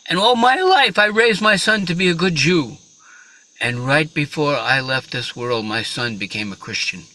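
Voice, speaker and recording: An old male rabbi, acted by a man telling a joke, sounds worried and plaintive. His voice rises high and bright. He speaks up as if pleading his case. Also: moderate pace, dry recording, rough recording. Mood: fretful.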